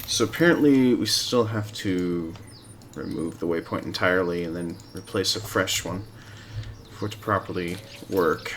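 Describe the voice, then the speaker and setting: A man's voice: sits low, normal speed, fairly bright tone, slight background noise. A man streaming a hunting game live, giving casual gameplay commentary with rambling, self-mocking asides.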